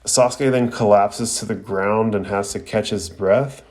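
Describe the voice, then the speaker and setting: A young man with a lowish voice recaps an anime episode in a casual podcast. He talks in a laid-back, slangy way and leans on fillers as he goes. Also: steady tone, unhurried, darkish tone.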